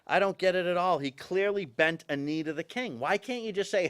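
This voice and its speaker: A man's voice: high voice, a little fast, hardly any pauses, fairly bright tone, clear, resonant tone. A man hosting a talk show, delivering an opinionated monologue straight to his viewers and repeating his points for emphasis.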